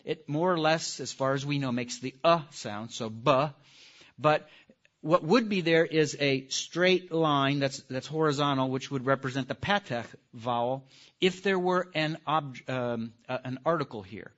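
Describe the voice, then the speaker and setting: A man's voice: mid-range voice, unhurried, fairly bright tone. A man lectures to a live class, stressing key words and tossing questions at his listeners. His voice sits in a middling register. The recording is muffled and lo-fi. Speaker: teacher. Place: room with a live audience. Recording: dull lo-fi recording.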